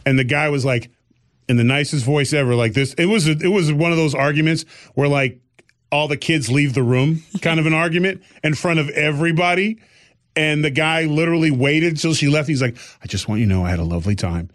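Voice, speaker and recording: A man's voice: a little high, steady tone, a little fast, no room sound, clean studio sound. A middle-aged man co-hosting a podcast, telling a story in casual chat and acting out other people's voices. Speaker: podcast co-host.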